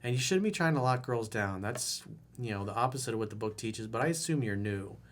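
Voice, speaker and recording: A middle-aged man coaching dating in a video advice monologue, blunt and animated, now and then mimicking loud, high-pitched outbursts. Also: brisk.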